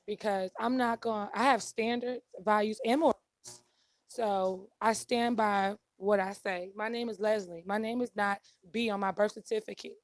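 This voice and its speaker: A woman's voice: medium pitch, steady tone, moderate pace, no echo. Firm, self-assured woman on a panel. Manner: firm and self-assured, states her standards. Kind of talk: casual panel debate.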